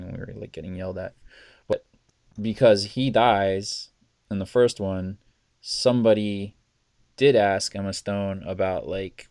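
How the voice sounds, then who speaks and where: Low-voiced man, animated podcast storyteller. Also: no echo, clean studio sound. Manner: animated storyteller, acts out quotes, laughs often, swears. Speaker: podcast host. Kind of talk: casual chat.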